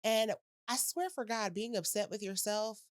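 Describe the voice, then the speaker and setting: A woman hosting a podcast in a casual, animated conversation, playful and self-mocking as she talks. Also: mid-range voice, moderate pace, no echo, clean studio sound. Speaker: podcast host.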